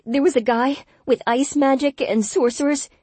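A frantic young woman on the edge of tears, as a woman narrator puts her on, her husky voice quavering as the words spill out too fast. The audiobook recording is close and completely dry. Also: a little high, fairly even intonation, dark tone, dry recording, pitched above the performer's own voice. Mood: panicked. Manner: breathless, blurting, quavering.

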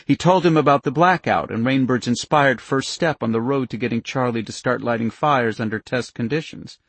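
Gravelly, husky male narrator, dry and close. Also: medium pitch, normal speed, a bit bright, dry recording. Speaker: audiobook narrator. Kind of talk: scripted narration.

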